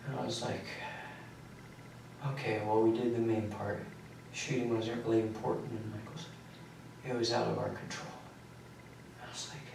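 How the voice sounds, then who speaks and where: An eighteen-year-old man recounting events in a police interview, quiet and halting, with many fillers. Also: lowish voice, little pitch movement, gravelly. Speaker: suspect under interrogation. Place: interrogation room. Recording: echoey room, distant mic, faint hiss.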